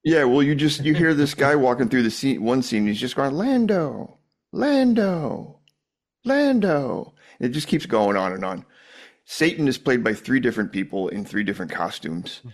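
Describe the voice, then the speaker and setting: A man co-hosting a casual podcast, telling movie anecdotes with relaxed hesitations. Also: medium pitch, brisk. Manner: laid-back anecdotes with hesitations. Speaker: podcast co-host. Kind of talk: casual chat, storytelling.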